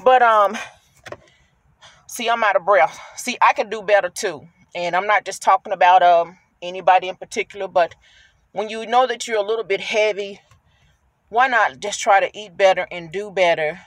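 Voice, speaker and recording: A woman's voice: medium pitch, moderate pace, dry recording. Chatty woman in her fifties. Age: 50s. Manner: chatty, animated, addresses viewers as y'all. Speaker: rideshare driver vlogger. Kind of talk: casual storytelling vlog. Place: inside her car.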